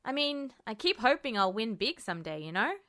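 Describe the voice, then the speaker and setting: A woman's voice: on the high side, sing-song, brisk, sharp tone. Woman voicing a wistful young dreamer. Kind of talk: audiobook character voice.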